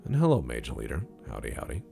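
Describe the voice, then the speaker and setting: Gravelly low-voiced man streaming. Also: huge pitch swings, fast, mellow, faint music behind. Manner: rambling, joking and mock-serious. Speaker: game streamer. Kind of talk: casual game-stream commentary.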